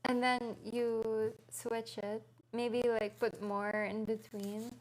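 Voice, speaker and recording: A woman's voice: a little high, flat delivery, takes it slowly. A woman streaming live from her home kitchen, chatting playfully while cooking and answering her chat aloud.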